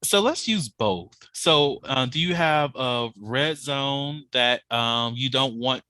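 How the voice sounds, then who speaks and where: A man hosting a podcast in casual chat, telling animated, profane stories and laughing often. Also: medium pitch, slow pace, no room sound. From Georgia, USA. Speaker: podcast host.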